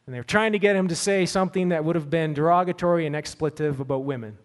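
Earnest pastor, slightly high voice. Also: male voice, fast, few pauses. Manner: earnest, repeats words when searching for them. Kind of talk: sermon with a personal story and closing prayer.

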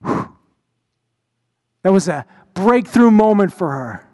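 A male pastor delivers a sermon in a notably high voice. He tells his story with plenty of restarts and repeated words. The sound carries a long hall reverb. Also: sing-song, takes it slowly, dark tone.

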